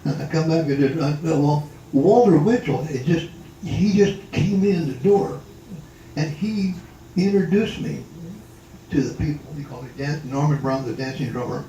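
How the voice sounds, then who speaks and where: A man's voice: a little high, moderate pace, warm tone, highs cut off. A man in his eighties telling stories from his life to a gathering at a family reunion, rambling with many restarts and fillers. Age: 80s. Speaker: retired drummer and tap dancer. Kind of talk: storytelling to a live gathering. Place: indoor hall at a family reunion. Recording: roomy echo, distant from the mic, faint background hum.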